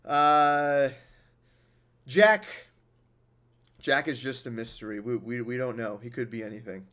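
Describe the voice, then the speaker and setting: A man's voice: mid-range voice, unhurried, fairly bright tone. A man casually chatting on his livestream, reading out donation messages and laughing easily.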